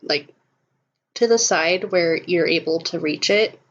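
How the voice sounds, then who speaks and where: A woman running a tabletop role-playing game, narrating gently and descriptively. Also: on the low side, measured pace. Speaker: game master. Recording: lo-fi recording.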